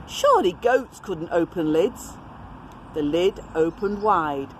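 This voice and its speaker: A woman reading a story aloud to children, expressive and gentle, speaking to them directly. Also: lowish voice, takes it slowly, slight background noise.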